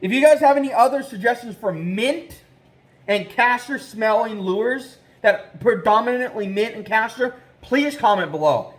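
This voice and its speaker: A man talking casually in a vlog about trapping, rambling and excitable, with many fillers and restarts. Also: high-pitched. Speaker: trapping vlogger.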